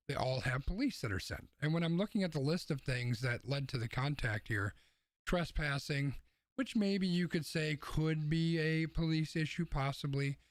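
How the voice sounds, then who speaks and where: A man's voice: medium pitch, no room sound. A man co-hosting a podcast, giving blunt, opinionated takes in casual discussion, sometimes swearing. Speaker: podcast co-host.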